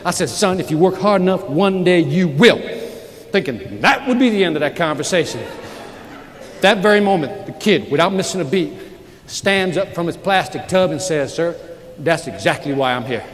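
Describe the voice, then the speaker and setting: A man giving a live motivational sales keynote, telling stories with sudden loud outbursts. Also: sits high, lively intonation, normal speed. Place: large conference hall with audience. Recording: reverberant hall, audience noise.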